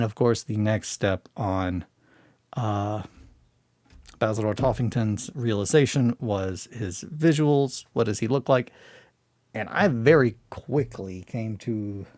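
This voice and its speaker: A man's voice: medium pitch, a little mellow, dry recording, clean studio sound. A man hosting a hobby stream, talking in a casual, rambling way, restarting sentences and swearing freely.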